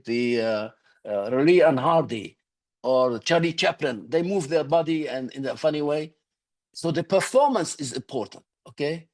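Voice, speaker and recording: Higher-voiced man coaching humor. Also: darkish tone. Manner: instructive, repeats "okay?" to check understanding. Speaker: public speaking coach. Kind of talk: online speaking workshop lesson. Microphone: video call.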